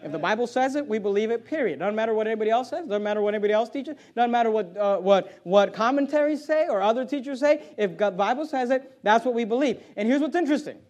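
A man preaching a sermon, reading scripture aloud with loud swells and sudden drops. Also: extremely high pitch, lively intonation, quick pace, few pauses. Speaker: pastor.

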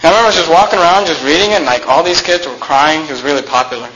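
Man telling a personal story, bright voice. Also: a little high, dull audio. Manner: reflective, halting, restarts phrases, slows at heavy moments. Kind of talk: personal story told aloud.

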